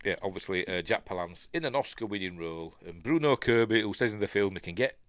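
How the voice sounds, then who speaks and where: A man's voice: lowish voice, animated, fast talker, a bit bright, no echo. An older man with a Yorkshire accent, hosting a podcast in casual rambling chat, laughing often and trailing off as he looks things up. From Yorkshire, England. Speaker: podcast host.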